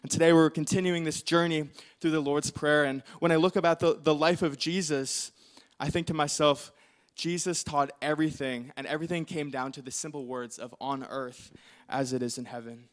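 A man's voice: on the high side, fairly even intonation, normal speed. A young male pastor preaching a sermon, telling a story in a casual, rambling way full of fillers.

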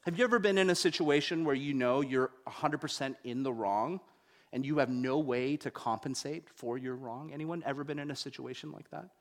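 A young man preaching a sermon, telling stories with wide swings between loud and hushed delivery. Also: mid-range voice, brisk.

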